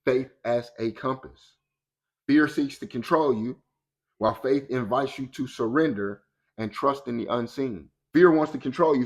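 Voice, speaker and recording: A man's voice: mid-range voice, normal speed. A man speaking as a motivational speaker in a colloquial, preachy way, acting out the voices he quotes. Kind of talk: motivational talk.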